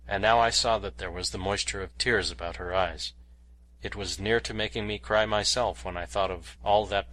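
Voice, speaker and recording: Male audiobook narrator, low-ish voice with a bright edge, steady measured reading. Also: low-quality recording. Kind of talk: scripted narration of a novel.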